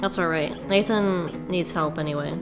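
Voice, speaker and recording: A woman streams a game from home, talking casually in a fairly low voice. She is sarcastic and swears freely while reacting to what happens on screen. Loud music plays behind her the whole time. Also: normal speed. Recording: music playing loudly behind.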